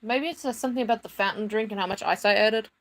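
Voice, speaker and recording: A woman's voice: mid-range voice, fast, a bit bright. A woman co-hosting a casual livestream, asking questions and teasing.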